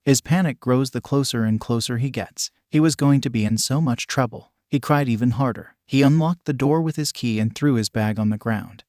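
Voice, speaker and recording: A man narrating a fan fiction story in a steady, earnest reading. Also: medium pitch, normal speed, few pauses, no room sound, clean studio sound.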